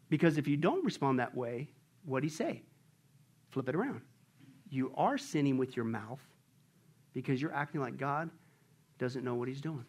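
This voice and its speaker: A male pastor preaching a sermon in an animated, conversational way, often quizzing the congregation with questions. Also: medium pitch, slightly rough.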